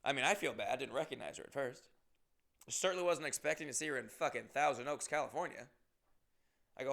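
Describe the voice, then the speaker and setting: A man's voice: medium pitch, brisk, vocal fry, pauses often, fairly bright tone. A man hosting a podcast, telling rambling, self-deprecating stories and swearing often. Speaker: comedian and podcast host. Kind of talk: casual podcast monologue.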